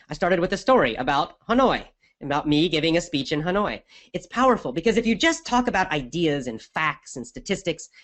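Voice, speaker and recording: A middle-aged man, an English teacher, answers listener questions on his podcast in an energetic, emphatic, conversational way. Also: fairly high pitch.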